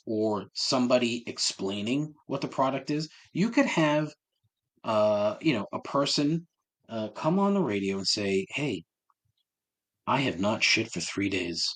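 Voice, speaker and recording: A man hosting a solo podcast, ranting with sarcasm and heavy swearing. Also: mid-range voice. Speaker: podcast host.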